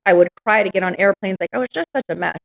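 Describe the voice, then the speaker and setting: A woman's voice: mid-range voice, very fast, creaky, rough recording. A woman business owner telling candid stories in an interview, frank and reflective with many fillers.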